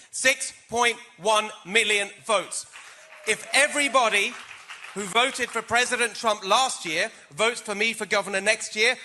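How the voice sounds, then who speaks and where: A British-accented political candidate with a high, sharp voice answers a debate question with emphatic stump-speech delivery.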